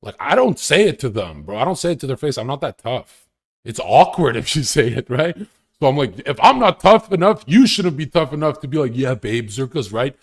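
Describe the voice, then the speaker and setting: A young man rants on a live stream with crude boasts and frequent laughter. His pitch swings widely as he talks, and his delivery is loose and casual. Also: sing-song, fairly quick. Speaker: livestreamer.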